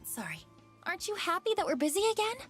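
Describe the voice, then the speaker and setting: A woman's voice: very high-pitched, wildly swooping pitch, fast talker, soft background music, pitched above the performer's own voice, exaggerated voice. A woman voicing a cheerful, chatty young woman who runs a corpse business. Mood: upbeat. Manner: bright, chatty, upbeat.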